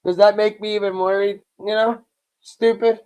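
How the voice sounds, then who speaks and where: Hosting a live reaction stream, a man from Lakewood, Ohio, US, speaks in a high voice that barely moves in pitch, with a slightly mellow, clean tone. He's casual and blunt, swearing, boasting, and tossing out "bro" and "dude" while repeating himself. The delivery is slow and drawn out, with many repeats and restarts.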